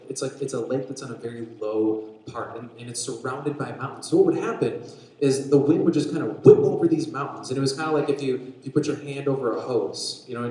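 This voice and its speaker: A man preaching a sermon, retelling a story in an animated way with frequent restarts. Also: medium pitch. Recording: very echoey room.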